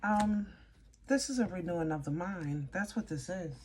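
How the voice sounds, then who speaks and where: A woman giving a casual tarot reading, chatty and easily excited, rambling and restarting as she talks through the cards. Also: lowish voice, moderate pace, a little hiss or hum. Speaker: tarot reader.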